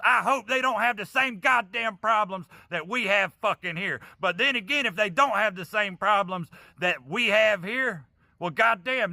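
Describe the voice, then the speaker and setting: Furious, bright-voiced man ranting. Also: high voice, vocal fry, no echo, clean studio sound. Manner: heavy profanity, angry and preachy. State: angry. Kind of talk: impassioned vlog rant.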